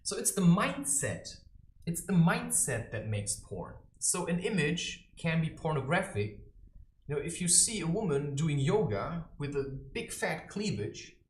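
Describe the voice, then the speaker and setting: A man's voice: a little high, unhurried. A man vlogging in a rambling, provocative monologue, ranting animatedly from a bare room indoors. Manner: animated, provocative, ranting, often laughing at himself. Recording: echoey room.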